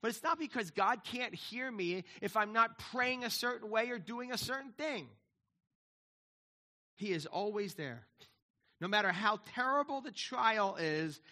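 A male pastor preaching a sermon, swinging from quiet, intimate asides to loud, emphatic passages and repeating key phrases for emphasis. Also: sits high, expressive, a little slow.

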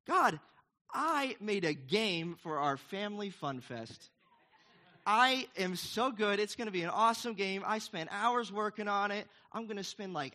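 A man's voice: high-pitched, bright, forceful tone, pitched above the performer's own voice, heavily acted. A man acting out a boastful, self-righteous churchgoer who brags to God in a whiny, showy way. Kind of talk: mocking impression within a sermon.

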